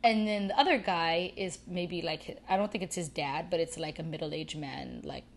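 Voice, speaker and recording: A young woman, hosting a podcast and telling a story in a casual, rambling, animated way. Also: on the low side, normal speed. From United States. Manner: rambling, animated, filler-heavy. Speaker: podcast host.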